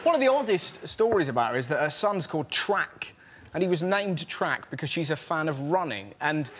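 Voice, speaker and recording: A man's voice: on the high side, sing-song, moderate pace, fairly bright tone. A man telling playful jokes with chuckles on a television comedy panel show.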